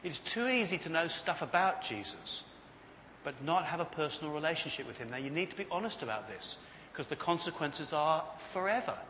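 A man's voice: on the high side, expressive, brisk, bright, forceful tone. A man preaching a sermon. He tells stories with animation and acts out other people's voices. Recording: echoey hall with faint noise.

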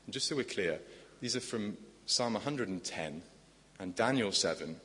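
Low-voiced preacher in echoing church. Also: male voice, animated, normal speed, fairly bright tone. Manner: earnest, conversational, rhetorical questions. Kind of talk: sermon. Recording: long echoing church reverb.

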